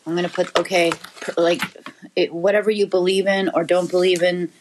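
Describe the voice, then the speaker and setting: A woman's voice: fairly low pitch, flat delivery, brisk, background noise. A woman hosting her own podcast, chatting casually with a friend at home as they play a gross-flavour taste challenge, groaning, swearing and laughing. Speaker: podcast host. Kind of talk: casual chat while doing a taste challenge.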